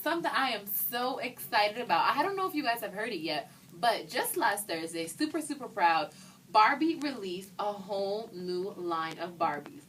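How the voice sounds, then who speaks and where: A woman's voice: mid-range voice, lively intonation, moderate pace, a bit bright. Young woman, college radio co-host, casual emphatic chat, a bit far from the mic, faint hiss. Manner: chatty, emphatic, laughs often. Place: radio studio.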